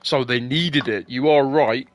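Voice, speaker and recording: A man's voice: medium pitch, unhurried. A young man hosting a casual chat, rambling and swearing, with lots of fillers and restarts.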